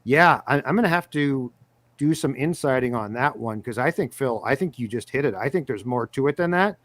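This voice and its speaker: A man co-hosting a sports podcast, casually chatting and briskly reading out news. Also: medium pitch, expressive, fairly bright tone. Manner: brisk, reads lists of names in quick bursts. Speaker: podcast co-host.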